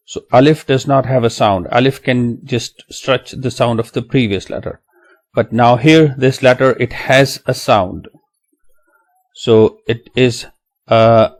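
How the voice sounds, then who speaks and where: A man teaching a beginner Quran lesson, patiently spelling out letters and vowel signs and repeating each sound. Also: medium pitch. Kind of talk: slow step-by-step lesson.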